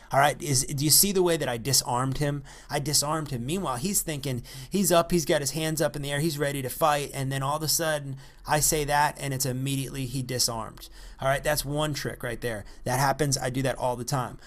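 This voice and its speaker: A man giving an unscripted coaching talk into a microphone, energetic and repetitive, often checking in with "all right?". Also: mid-range voice, a little fast. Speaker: real estate investing coach. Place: by the ocean.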